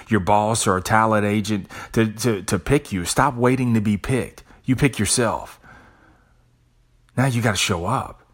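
A man hosting a podcast, giving a profane, preachy motivational monologue. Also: fairly low pitch. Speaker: podcast host.

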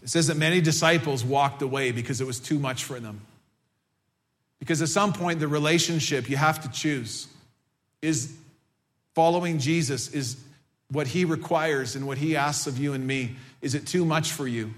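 Man preaching a fervent sermon. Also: normal speed. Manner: builds to fervent, loud, high-pitched preaching. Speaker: pastor. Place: church sanctuary.

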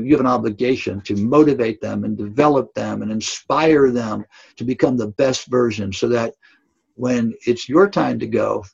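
Older male coach, gravelly and husky, earnest storyteller, lo-fi audio. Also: on the low side, darkish tone. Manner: earnest, emphatic, tag questions like "right?". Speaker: basketball coach. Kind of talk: storytelling in a podcast interview. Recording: dull lo-fi audio.

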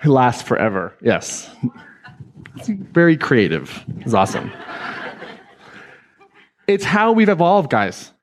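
A man giving a live self-help seminar talk to an audience, energetic and joking, swearing freely. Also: medium pitch, takes it slowly, pauses often. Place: event hall with audience.

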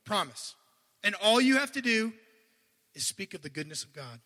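A man preaching a sermon in a church, animated, swinging between loud bursts and quiet asides, and he sometimes stutters and restarts. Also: high-pitched, normal speed, big-room sound. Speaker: guest preacher.

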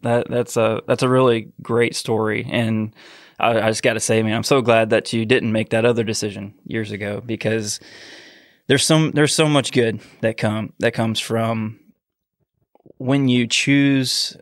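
A man hosting an interview, sincere and halting, with fillers and repeated words. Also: on the low side, steady tone, dry recording, studio quality. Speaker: podcast host. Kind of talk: casual interview chat.

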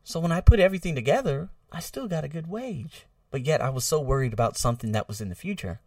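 A man talking straight to his viewers in a casual vlog monologue. His pitch jumps around a lot as he jokes and swears, with loud bursts and then quiet asides. The mic sits a little away from him in a dry, dead room. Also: quick pace, no echo, far from the mic. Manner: animated and jokey, swings between loud bursts and low asides, swears casually. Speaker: vlogger.

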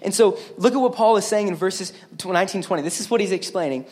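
A man preaching a sermon as pastor, earnest and emphatic, with casual asides to the congregation. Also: fast talker. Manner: earnest, emphatic preaching that rises higher and louder on exhortations; conversational asides and checks with the congregation.

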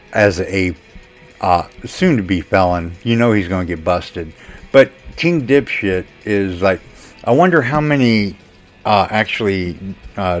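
A man hosting his own channel, ranting about politics in a loose, profane, meandering way with sudden loud outbursts. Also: low voice. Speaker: channel host. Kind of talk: rambling political rant.

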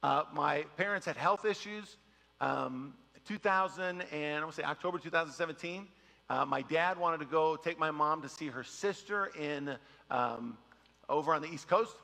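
Middle-aged pastor guy preaching loose and jokey, high-ish voice, lots of rasp. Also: long reverb tail. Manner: animated, joking, mimics people in quick asides. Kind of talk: conversational sermon.

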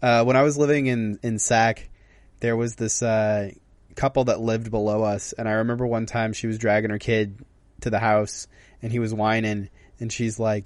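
A man with a lowish voice co-hosts a casual podcast. He talks in a relaxed, hesitant way, full of fillers. The sound is dry and close. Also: normal speed, no echo. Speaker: podcast co-host. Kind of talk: casual chat.

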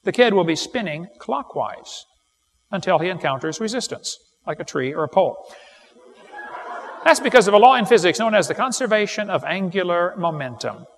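A middle-aged man giving a live seminar lecture, telling folksy stories and firing off quick jokes to a live audience. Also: sits high, big pitch swings. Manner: folksy, wisecracking, quick storytelling with punchlines. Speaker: creation seminar speaker. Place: large hall with live audience. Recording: live recording in a reverberant hall.

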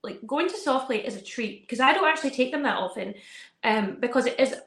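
Mum on a podcast, higher voice, animated storytelling, echoey room. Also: female voice, fairly quick. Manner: animated storytelling, acts out her kids' voices. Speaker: podcast co-host. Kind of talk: casual chat.

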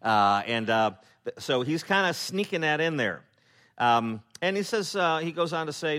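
A man preaching in a relaxed, off-the-cuff way, with lots of fillers and restarts. He jokes as he goes and slips into character voices for the people he quotes. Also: medium pitch, normal speed. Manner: humorous, acts out quoted voices; loose, with many fillers and restarts. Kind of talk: conversational Bible teaching.

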